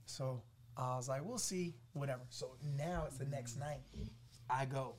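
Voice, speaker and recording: A man from the Los Angeles area telling his testimony as a podcast guest, acting out what people said to him in an animated way. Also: medium pitch, normal speed. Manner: animated, acts out quoted voices, laughing through funny parts. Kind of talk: storytelling testimony.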